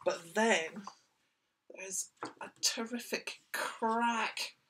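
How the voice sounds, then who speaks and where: Reading her picture book aloud for little ones, a woman who wrote it slips in expressive, whispery asides. Her pitch is medium and she draws out her words, with a little hiss or hum in the audio.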